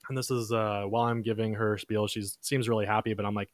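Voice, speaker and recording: A young man hosting a podcast, casually telling a long story in a relaxed, chatty way and lifting his voice when he quotes others. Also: on the low side, fast talker, dry recording, studio quality. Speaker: podcast host.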